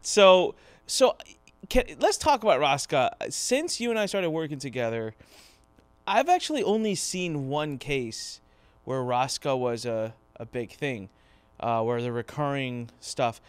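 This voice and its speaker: A man's voice: medium pitch, very animated, measured pace, clear, resonant tone, no echo. A podcast host, a man, talking casually and with enthusiasm, often repeating his words as he goes.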